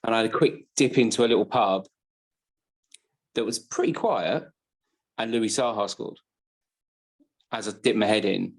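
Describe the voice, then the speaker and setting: A man's voice: lowish voice, moderate pace, pauses often. A man on a casual football podcast, telling a rambling anecdote and correcting himself as he goes. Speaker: podcast co-host.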